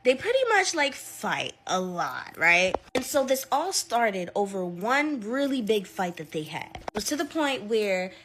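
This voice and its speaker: A woman's voice: medium pitch, very animated, measured pace, few pauses, background noise. A woman in casual storytime chat, playful and chatty, talking straight to her followers before telling a story. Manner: chatty, playful, calls listeners bestie.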